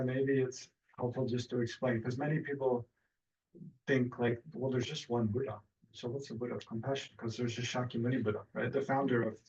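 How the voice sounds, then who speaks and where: A man teaching a meditation class in a relaxed, hesitant way with many fillers and restarts, speaking over a video call. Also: mid-range voice. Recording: distant, dull lo-fi mic.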